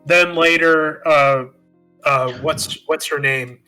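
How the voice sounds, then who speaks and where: Very bright-voiced man chatting casually. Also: fairly high pitch, fairly even intonation, takes it slowly, clear, resonant tone, faint music behind, poor audio. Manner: chatty, laughing, recalls details with hesitations. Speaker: podcast co-host. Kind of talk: casual movie review chat.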